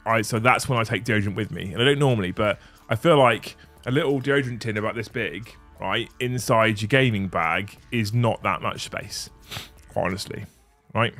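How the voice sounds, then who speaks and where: A man's voice: on the low side, a bit bright. A man hosting a casual livestream, rambling and chatting as he reads out lists and viewer messages. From England. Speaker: livestream host.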